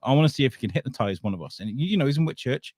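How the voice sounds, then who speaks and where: A man's voice: mid-range voice, lively intonation, racing, a little mellow, husky, no echo. A man hosts a loose, casual chat show. He rambles through his story, swears freely and laughs often. The sound is dry and close. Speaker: podcast host.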